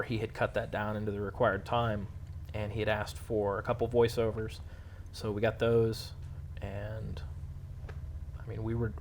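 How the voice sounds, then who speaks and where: A man answering interview questions about making a short film, relaxed and rambling with lots of fillers. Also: lowish voice, slight background noise. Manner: relaxed storytelling with many fillers. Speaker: filmmaker interviewee.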